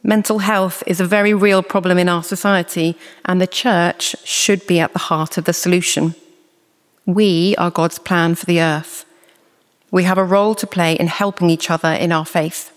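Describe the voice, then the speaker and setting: A preacher giving a sermon in a measured, earnest way, reading scripture slowly and deliberately. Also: medium pitch, fairly even intonation, big-room sound.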